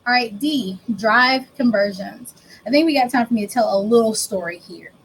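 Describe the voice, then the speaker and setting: This is a woman presenting a business workshop, her voice sitting slightly higher than most. She keeps it conversational and animated. She often drops into playful acted-out exchanges with her clients. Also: moderate pace, slight background noise, rough recording. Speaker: business coach and speaker.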